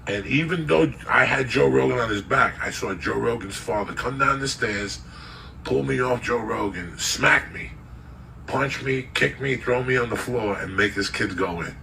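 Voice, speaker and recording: A man telling a loud, profane story, acting out the people in it. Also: mid-range voice, normal speed, vocal fry, recorded from a distance, a little hiss or hum, poor audio. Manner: loud, profane, animated, acts out voices in the tale. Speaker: storyteller guest.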